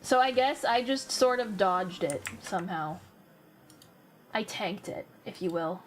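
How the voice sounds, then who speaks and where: A woman's voice: medium pitch, animated, unhurried, slight background noise. A young woman streamer from the American South, chatting casually with her viewers and thinking aloud. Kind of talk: casual chat with live viewers. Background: faint background music.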